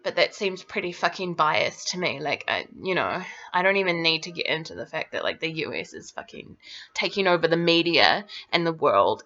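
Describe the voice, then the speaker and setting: Speaking at a moderate pace in a low, sharp voice, a woman vents to camera in her vlog with great animation. She's indignant, curses frequently, and leans constantly on "like," all on a dull, lo-fi recording.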